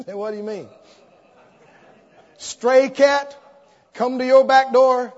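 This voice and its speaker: A man preaching a sermon, telling an animated story and acting out the scenes as he goes. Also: very high voice, slow pace, long pauses. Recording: dull sound, long hall reverb.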